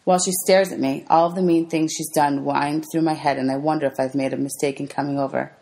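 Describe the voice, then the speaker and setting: Woman, teacher, low voice, gentle storybook read-aloud, clear and steady. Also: fast talker. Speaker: teacher reading aloud to students. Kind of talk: children's novel read-aloud.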